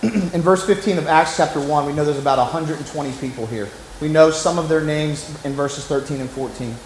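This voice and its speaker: A man's voice: a little high, reverberant, a little hiss or hum, poor audio. A man preaching a sermon as pastor, emphatic and conversational, often acting out the voices he quotes.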